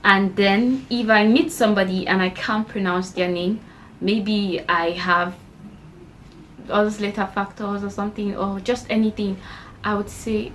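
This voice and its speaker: A woman's voice: mid-range voice, fairly even intonation, a little slow, a bit bright, slight background noise, poor audio. A young woman giving self-improvement tips to camera in a chatty way, acting out little quoted exchanges. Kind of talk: casual talk-to-camera advice.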